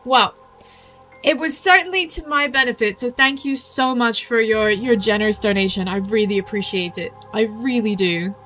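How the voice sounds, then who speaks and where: A woman's voice: on the high side, normal speed, fairly bright tone, soft background music. A young adult woman streaming a game, chatting casually, reading game text aloud and joking about herself. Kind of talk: casual gameplay commentary.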